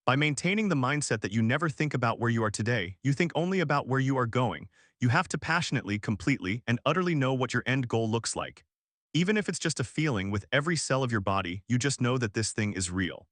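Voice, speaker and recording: A man's voice: mid-range voice, lively intonation, fast, a bit bright, no echo, natural voice. Man reading cheerful educator, passionate, determined, dry close sound.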